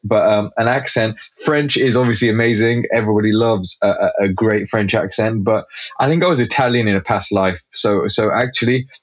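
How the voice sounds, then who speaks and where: Animated chatty man, low voice. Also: brisk, no echo, dull audio. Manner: animated, chatty, many fillers and restarts. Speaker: podcast guest. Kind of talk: casual podcast chat.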